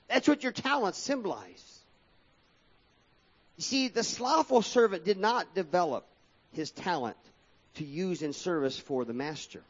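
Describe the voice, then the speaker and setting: A man preaching from the pulpit with a slightly raised pitch, addressing the congregation directly as folks. His delivery presses hard on key words, then drops back into quieter asides. The sound comes through a dull, lo-fi church recording. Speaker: pastor. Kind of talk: sermon.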